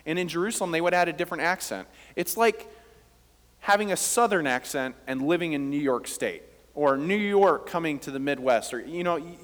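Animated man preaching in a reverberant hall. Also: a little high. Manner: animated, rising emphasis on key words. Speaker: pastor. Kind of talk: sermon.

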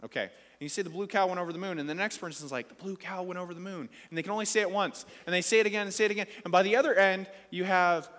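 A man in his thirties delivers a sermon from the front of a church, leaning on repetition and punching his key phrases. His voice sits a little high for a man. The sound carries a long reverb from the hall around him. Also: racing, few pauses, a bit bright. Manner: emphatic, repetitive preaching with rising, punchy phrases. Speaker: pastor.

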